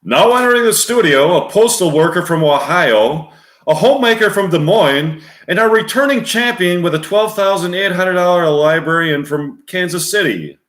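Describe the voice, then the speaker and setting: A man voicing a booming TV game show announcer in an emphatic announcing style. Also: animated, normal speed, a bit bright. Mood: grand. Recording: roomy echo.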